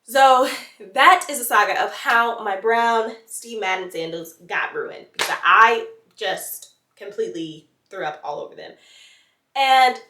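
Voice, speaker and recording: A woman's voice: medium pitch, animated, unhurried, sharp tone, echoey room, recorded from a distance. A woman vlogger telling a dramatic storytime in casual chat, full of slang and playful asides.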